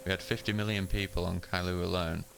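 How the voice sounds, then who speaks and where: A man's voice: sits low, little pitch movement, fast talker, vocal fry, a little hiss or hum. A man voicing a bitter, dying old male communist deserter, reading the game text plainly. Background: loud game music.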